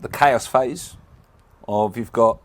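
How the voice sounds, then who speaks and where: A man hosting a podcast, asking questions in a casual interview and often putting in quick yeahs. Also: mid-range voice, background noise. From England. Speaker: podcast host.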